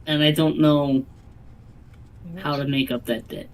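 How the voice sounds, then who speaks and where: A man's voice: on the high side, fairly even intonation, a little slow, far from the mic, poor audio. A man playing an estranged father in a tabletop game, earnest and prone to wry jokes. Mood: remorseful. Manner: earnest, then wryly joking. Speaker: player.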